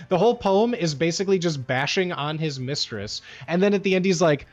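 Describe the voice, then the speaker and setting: A male streamer with a fairly high, expressive voice chats casually and fairly quickly on a livestream, rambling in slang packed with "like" and "bro." The sound is dull and lo-fi, with faint music behind him.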